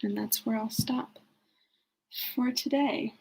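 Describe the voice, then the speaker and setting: A woman's voice: fairly high pitch, fairly even intonation, normal speed, gravelly, fairly bright tone, slight background noise. A young woman reading a novel aloud, then chatting in a casual, thoughtful way, laughing often and trailing off as she searches for things. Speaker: book reader and commentator.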